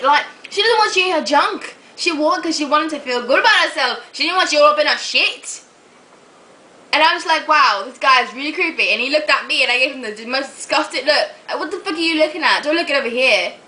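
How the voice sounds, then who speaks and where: A young woman ranting to her camera in a casual vlog, chatty and animated, swearing as she tells stories. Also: sits high, low-quality recording. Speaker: vlogger.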